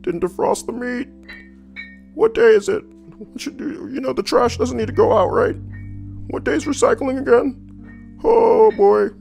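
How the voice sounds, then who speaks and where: A man putting on a high, babbling voice as a nosy, fussy suburban neighbor in a comic bit. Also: measured pace, vocal fry, pauses often, a little mellow, soft background music, full character voice. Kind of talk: comic impression in a stream.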